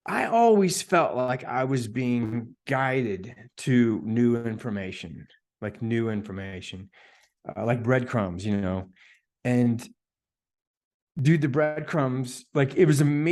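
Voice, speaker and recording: A man guest on a podcast, telling a story in a casual, animated way, full of "dude," "man" and "like," and acting out the voices of the people in it. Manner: animated, heavy filler words, "dude" and "man"; acts out quoted voices with big pitch jumps. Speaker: podcast guest, energy healer.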